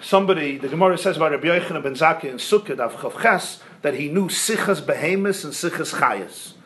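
A man gives a sermon as a rabbi in a high, bright voice. He is animated and rhetorical, dropping into soft asides and then climbing to loud, emphatic peaks. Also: brisk, slight background noise.

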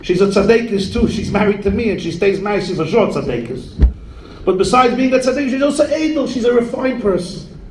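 A man's voice: high voice, brisk, a little mellow, echoey room, a little hiss or hum, low-quality recording. A man giving a humorous sermon as a rabbi, telling stories and jokes sprinkled with Yiddish words.

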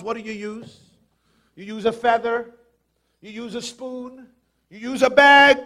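High-voiced man giving an animated Torah lecture. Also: gravelly. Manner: animated, shouts for emphasis, asks rhetorical questions.

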